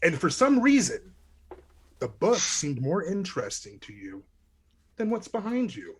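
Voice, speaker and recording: Husky-voiced young man running a game. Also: on the high side, huge pitch swings, a little slow. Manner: rambling, stumbling with lots of fillers. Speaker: game master. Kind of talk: narrating a live tabletop game.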